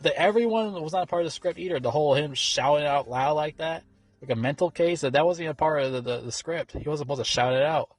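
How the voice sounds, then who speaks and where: A man's voice: on the high side, fast talker, no room sound, faint music behind. A man giving a casual film review, rambling and swearing freely, with many fillers and restarts. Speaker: movie reviewer.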